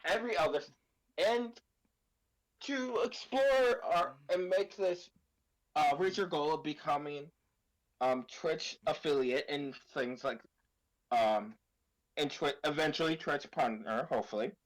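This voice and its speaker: A man co-hosting a casual stream, halting and hesitant, full of ums as he lays out plans. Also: fairly high pitch, low-quality recording. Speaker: co-host.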